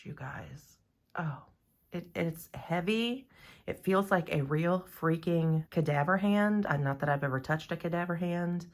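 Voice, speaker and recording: A woman chatting casually in her home nail salon, gushing excitedly as she unboxes nail art gear. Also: on the low side, vocal fry. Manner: excitable, gushing, often gasping and sighing.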